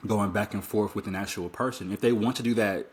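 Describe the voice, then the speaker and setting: A man's voice: fairly low pitch, steady tone, a little fast. A man as a podcast guest, talking reflectively and a little hesitantly about meditation. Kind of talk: casual podcast conversation.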